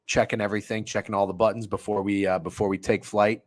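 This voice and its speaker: Low-voiced man hosting a betting stream. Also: flat delivery, quick pace. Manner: rambling, profane, talks to chat. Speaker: sports betting stream host. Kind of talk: casual livestream chat.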